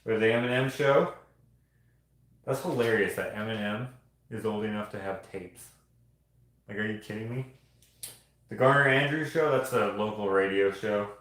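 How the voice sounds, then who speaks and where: A man's voice: fairly low pitch, moderate pace, long pauses, a bit bright. Rambling, jokey man in an echoey room. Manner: rambling, jokey, laughs often. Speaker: artist streaming show-and-tell. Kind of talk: casual livestream chat.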